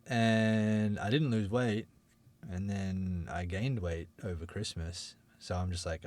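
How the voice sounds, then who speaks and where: A man's voice: lowish voice, steady tone, unhurried, a little mellow, dry recording. A man in casual podcast chat, rambling and self-mocking.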